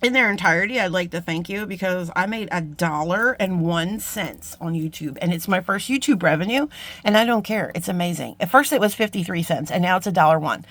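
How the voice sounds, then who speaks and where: Woman vlogger, middle-aged, a bit low-pitched, casual and chatty while beading. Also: lively intonation, brisk, a bit bright, no room sound. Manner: chatty, self-deprecating, talks to viewers as friends. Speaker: jewelry-making vlogger. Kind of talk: casual craft tutorial chat.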